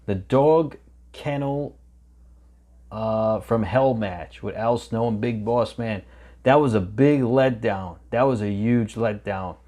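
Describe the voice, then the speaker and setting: Relaxed man chatting casually. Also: fairly low pitch, slow pace. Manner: relaxed, rambling with fillers and restarts. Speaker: reaction channel host. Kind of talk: casual watch-along chat.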